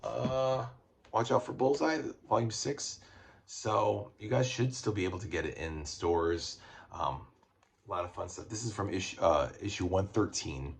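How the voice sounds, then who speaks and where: Tired man with a gravelly low voice. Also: unhurried. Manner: laid-back, rambling, crude joking. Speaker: comic book reviewer. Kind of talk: casual video review.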